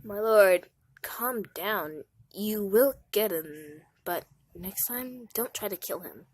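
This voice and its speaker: A woman's voice: medium pitch, lively intonation, slow pace, husky. A woman voicing a nervous, loyal male skeleton guard who answers his boss hesitantly. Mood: calming. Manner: hesitant, deferential.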